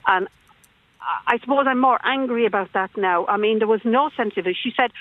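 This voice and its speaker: Irish woman, caller, phone line, tinny and narrow sound, dry, animated storytelling. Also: medium pitch, moderate pace, no room sound. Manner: emotional, animated retelling with quoted dialogue. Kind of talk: phone-in call to a radio show.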